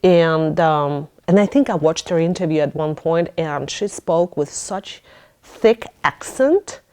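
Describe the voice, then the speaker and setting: A podcast host with a low-pitched voice speaks slowly in a casual interview, telling animated stories and laughing often. She acts out her own thoughts in a raised voice.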